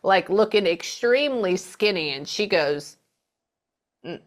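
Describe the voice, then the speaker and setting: A woman's voice: medium pitch, animated, unhurried. A woman working as a medium, chattily relaying messages during a reading. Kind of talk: psychic reading session.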